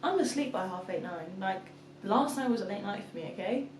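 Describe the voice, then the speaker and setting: Speaking fairly quickly in an expressive, medium-pitched, slightly mellow voice, a young vlogger and mother of two tells a story to camera, imitating her toddler's calls. The room is echoey, the mic is distant, and there's slight background noise.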